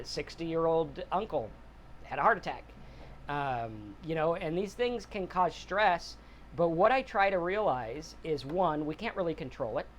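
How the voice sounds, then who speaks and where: A man's voice: a little high, a little hiss or hum. Earnest, rambling man in his forties. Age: 40s. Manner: earnest and rambling, often asks "right?". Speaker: sobriety channel host. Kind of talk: casual reflective monologue.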